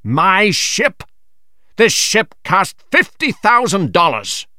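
A man voicing a hot-tempered ship captain who shouts in outrage. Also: high-pitched, huge pitch swings, slow, no room sound, studio quality, pitched above the performer's own voice, exaggerated voice. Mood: protesting.

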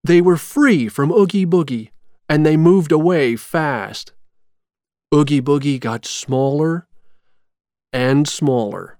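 Slow, expressive storybook narrator. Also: mid-range voice, no room sound, clean studio sound. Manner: slow, clear, expressive reading.

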